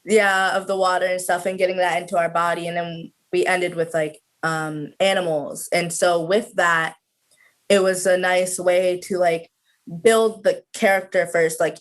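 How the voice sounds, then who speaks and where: A woman of about twenty, a student guest on a video call, chatting casually with lots of "like" fillers. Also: on the low side. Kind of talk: casual interview chat.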